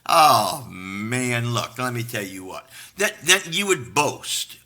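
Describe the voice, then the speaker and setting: A man's voice: mid-range voice, big pitch swings, slow pace, sharp tone. A man pastor preaching a casual live-streamed sermon, folksy and unpolished, greeting viewers by name. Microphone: live stream to a camera.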